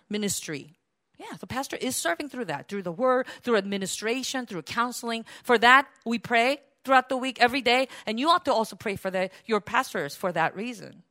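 Woman pastor, high bright voice, dry close sound, animated sermon, acts out voices. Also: no echo. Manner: animated, acts out quoted voices, laughs often.

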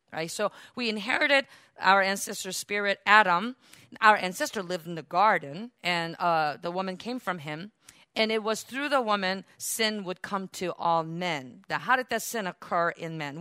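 Bright-voiced woman teaching the Bible. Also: mid-range voice, normal speed, no room sound, clean studio sound. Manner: animated, engages listeners with questions. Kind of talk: sermon-style Bible teaching.

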